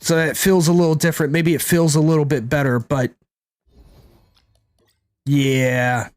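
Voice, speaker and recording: A man's voice: on the high side, level tone, unhurried. A man streaming a card game, rambling and thinking aloud to his chat, swearing casually. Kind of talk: casual gameplay commentary to chat.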